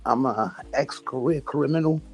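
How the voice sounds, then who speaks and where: A man's voice: mid-range voice, moderate pace, a little mellow. A man on a boxing talk panel introducing himself with a hesitant joking manner. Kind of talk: casual chat.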